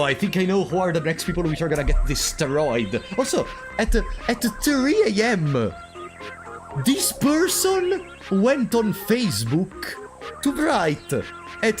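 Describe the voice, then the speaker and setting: A man giving casual, hesitant commentary while he plays and reads a story game, with game music behind. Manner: low-key, hesitant, reads the game's lines aloud. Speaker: gamer playing a story game.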